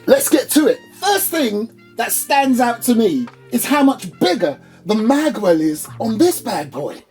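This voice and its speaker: A man doing an upbeat, high-pitched reviewer persona, playfully showing off a product in his small home studio. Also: darkish tone, exaggerated voice. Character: chirpy high-voiced male gun reviewer persona.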